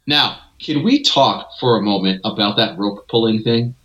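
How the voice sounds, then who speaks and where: A man co-hosting a casual movie review podcast, animated and mocking, laughing often as he talks. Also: on the low side, moderate pace, rough recording. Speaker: podcast co-host.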